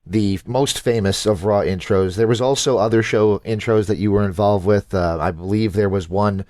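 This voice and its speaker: A man's voice: lowish voice, dry recording, clean studio sound. A man hosting a casual interview, talking easily like a fan and chiming in with short affirmations. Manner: relaxed, fan-like, quick affirmations. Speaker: interview host.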